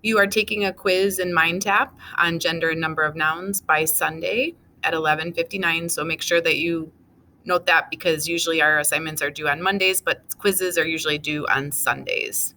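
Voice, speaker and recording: Bright-voiced woman teaching a recorded class. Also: sits low, fairly even intonation, normal speed, slight background noise. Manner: methodical, going over answers item by item. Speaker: Spanish teacher.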